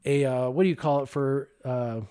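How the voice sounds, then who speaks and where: A man casually telling a funny story, lively and laughing as he acts out the voices of the people in it. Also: medium pitch, moderate pace, clean tone, no room sound. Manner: animated, laughing, acts out quotes. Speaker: guest storyteller.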